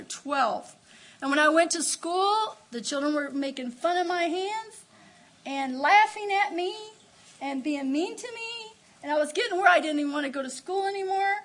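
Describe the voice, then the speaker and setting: High, bright-voiced older woman preaching. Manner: swings from hushed storytelling to exclamations of praise. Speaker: preacher giving a testimony. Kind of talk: Pentecostal-style testimony sermon.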